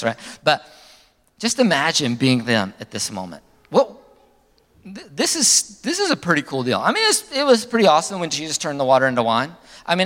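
A male pastor delivers an animated sermon, his pitch jumping up for emphasis and sinking low at the ends of phrases. A long reverb tail follows his voice.

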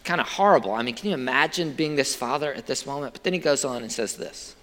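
A man's voice: mid-range voice, quick pace, few pauses, a bit bright, in a large hall. A male pastor preaching a sermon in a conversational way, asking his listeners rhetorical questions.

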